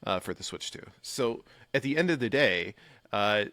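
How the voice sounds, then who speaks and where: A man's voice: on the low side, expressive, normal speed, sharp tone, dry recording, clean studio sound. A man on a gaming podcast, chatting casually in a hesitant way with many fillers. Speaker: podcast host. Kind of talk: casual chat.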